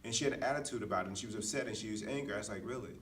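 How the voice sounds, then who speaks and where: Earnest low-voiced man, off-mic. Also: rapid-fire, fairly bright tone, distant mic. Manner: earnest, anecdotal, frequent restarts. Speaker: podcast co-host. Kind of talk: casual reflective chat.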